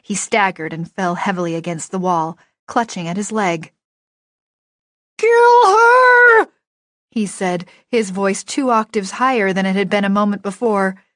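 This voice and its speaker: Expressive woman narrating a novel, dry sound. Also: medium pitch, normal speed, few pauses, no echo. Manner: lively, expressive storytelling that voices characters. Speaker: audiobook narrator. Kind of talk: first-person novel narration.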